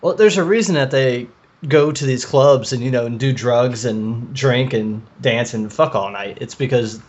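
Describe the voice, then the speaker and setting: A man co-hosts a podcast in an even, mid-pitched voice. His replies are short and deadpan. The recording sounds a little dull and lo-fi. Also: normal speed. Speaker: podcast co-host. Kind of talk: casual podcast chat.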